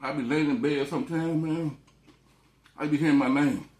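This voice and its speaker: Profane, rambling man, slightly high voice. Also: quick pace. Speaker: vlogger. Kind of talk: casual storytelling while eating on camera. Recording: echoey room.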